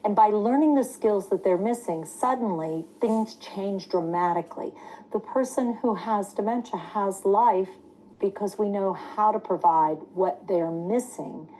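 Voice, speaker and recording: A woman's voice: mid-range voice, unhurried, dark tone, a little hiss or hum, rough recording. Emphatic woman teaching dementia care. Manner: emphatic, acts out short apology phrases. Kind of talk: webinar teaching.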